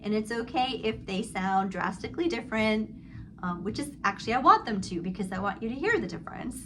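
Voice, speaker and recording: Brisk and medium-pitched, this middle-aged woman is a vocal coach leading a singing lesson, and the rough recording carries a little hiss or hum. Between sung vowel exercises she explains technique, first demonstrating vowel slides and sighs and then talking it through calmly.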